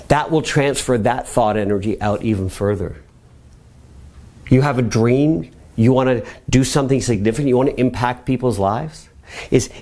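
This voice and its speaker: A middle-aged man teaching a motivational web lesson on personal growth, coaching the listener with energetic, repeated commands. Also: medium pitch. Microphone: camera mic.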